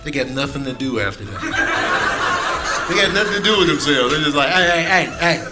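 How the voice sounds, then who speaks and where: A man hosting a solo comedy livestream who riffs on pets in a playful, animated storytelling way. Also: mid-range voice, brisk, loud music behind the voice.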